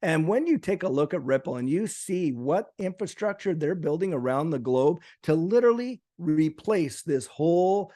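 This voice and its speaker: A man's voice: a little high, lively intonation, normal speed, few pauses, mellow. A man guest in a casual chat, talking with emphatic enthusiasm. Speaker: guest commentator.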